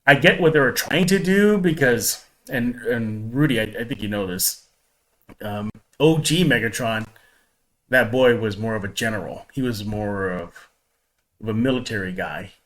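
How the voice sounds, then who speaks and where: A man co-hosting a podcast in casual chat, animated and repeating words as he talks. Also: on the low side, moderate pace. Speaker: podcast co-host.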